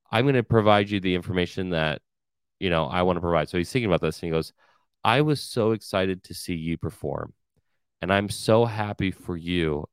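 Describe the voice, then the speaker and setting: A man with a very low, smooth, resonant voice speaks in a relaxed, off-the-cuff podcast monologue. He sprinkles in fillers and blunt asides. The sound is dry and close, with no room around it. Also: no room sound. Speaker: podcast host.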